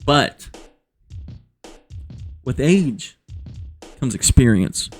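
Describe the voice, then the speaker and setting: A man's voice: medium pitch, sing-song, extremely slow, soft background music. A man doing joking casual commentary as a vlogger, rambling, profane and amused at himself.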